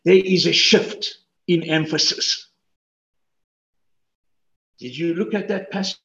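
A man preaching a sermon as pastor, swinging between loud emphatic peaks and hushed asides. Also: on the high side, takes it slowly, vocal fry, echoey room, dull audio, a little hiss or hum.

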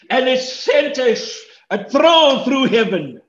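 A male pastor preaching a sermon, swinging from hushed tones to shouts and repeating key phrases for stress. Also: extremely high pitch, animated, measured pace, creaky, few pauses, echoey room, highs cut off.

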